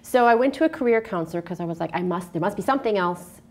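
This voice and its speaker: With a lowish voice and a fast delivery, this woman, once an opera singer, shares stories in a relaxed local cable TV interview. She animates each tale, performing the quoted voices and breaking into bits of song.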